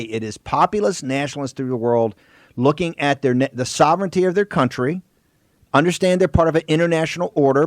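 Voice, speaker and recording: A man hosting a political talk radio show, forceful and quick to cut in on his guests. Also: on the high side, no room sound, clean studio sound. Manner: forceful, interrupts guests, rapid asides. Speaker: host.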